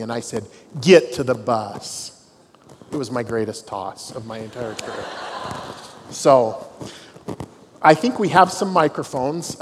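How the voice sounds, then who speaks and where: A man's voice: medium pitch, slight background noise. Middle-aged man, university dean, devotional storyteller with dry humor; live hall sound, long reverb. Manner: storytelling, self-deprecating humor. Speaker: dean of students. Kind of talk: devotional talk to students. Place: large hall on a university campus.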